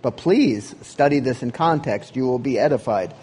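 A man's voice: mid-range voice, animated, normal speed, mellow, husky. A man preaching a sermon as pastor, in an earnest, conversational way.

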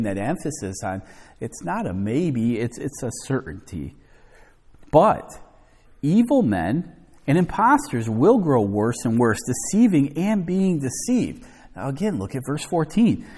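A man's voice fills a reverberant sanctuary as he preaches at an unhurried pace. His delivery swings from low to high to drive each point home. The tone is mellow and a little husky. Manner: slow, emphatic reading with lively rises and falls. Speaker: pastor. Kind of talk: expository sermon with scripture reading. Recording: long hall reverb.

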